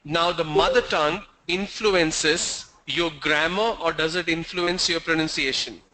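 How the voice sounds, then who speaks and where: A man's voice: on the high side, steady tone, unhurried, bright, forceful tone, poor audio. A man teaching an online English class over a video call, quizzing students and joking with them. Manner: asks the class questions, teasing and joking. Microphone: video call mic.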